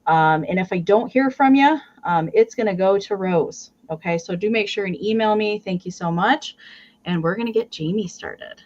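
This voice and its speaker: A woman's voice: medium pitch, normal speed, darkish tone, dull audio. A woman hosting a live online vintage sale, describing items and counting down bids in a chatty manner. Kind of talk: live auction selling.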